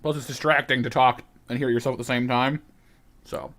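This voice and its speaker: A man's voice: mid-range voice, steady tone, fairly quick, a bit bright. A man streaming a game, chatting casually with his viewers, rambling and repeating words often.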